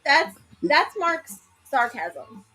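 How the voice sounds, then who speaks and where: A woman telling an animated story in a casual group chat outdoors, acting out quotes and laughing often. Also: sits high, drawn-out words, a crowd in the background, rough recording. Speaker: friend telling a story on a livestream. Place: outdoor gazebo by a grill.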